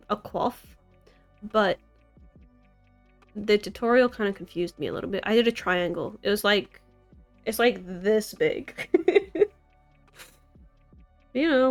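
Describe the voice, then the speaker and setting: A young American woman in her twenties, chatting casually on a live stream from her city apartment, rambling and giggling at herself. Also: mid-range voice. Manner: rambling, giggly, self-deprecating. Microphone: desk mic.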